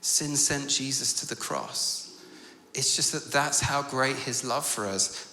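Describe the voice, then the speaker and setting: A man preaching at a conference, earnest, growing animated as he tells stories. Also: mid-range voice, slight background noise. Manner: earnest, turns animated and loud when telling stories. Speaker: conference speaker. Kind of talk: storytelling sermon. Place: large conference hall. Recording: echoey conference hall.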